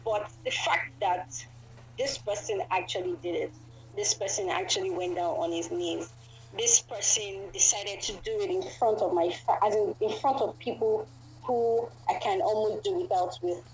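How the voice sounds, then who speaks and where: A woman's voice: mid-range voice, fairly even intonation, moderate pace, a little mellow, poor audio. Rambling woman chatting thoughtfully. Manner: rambling, thoughtful, many fillers. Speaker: guest. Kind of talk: casual chat.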